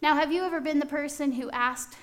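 A woman's voice: sits high, fairly quick. A woman preaching a sermon, telling the story with animation and acting out the people in it.

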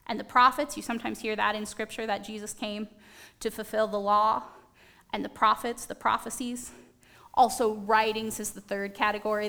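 A woman preaching a sermon in a conversational, animated storytelling manner. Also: fairly high pitch.

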